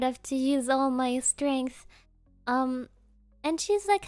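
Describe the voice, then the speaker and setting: A woman streamer telling a rambling story in casual chat, giggling often and filling pauses with Japanese interjections. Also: sits high, fairly even intonation, a little mellow, no echo, studio quality, soft background music.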